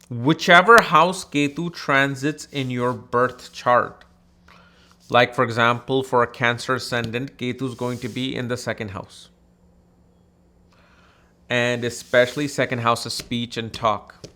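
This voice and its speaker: A man from India teaching astrology in a casual, animated, conversational way, acting out people in his anecdotes. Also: medium pitch, measured pace, pauses often.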